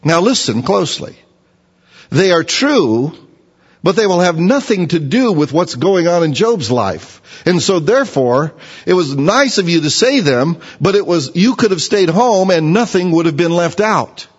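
A man preaching a sermon in a lively, conversational way, reading scripture and mimicking other people for effect. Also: high-pitched, measured pace, breathy edge. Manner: animated, mocking voices of others. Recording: dull reverberant hall.

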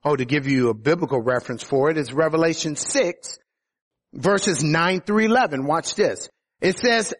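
A man's voice: high voice, expressive, measured pace, a bit bright. A man preaching a sermon, teaching from scripture verse by verse and stressing key words. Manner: emphatic, rises on quoted words.

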